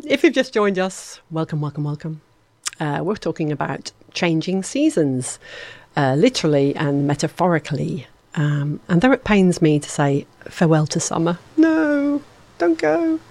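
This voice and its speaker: A woman with a deep voice presents a lunchtime radio show from a studio, with no echo in the sound. Her casual chat is playful and chatty, and she jokes at her own expense.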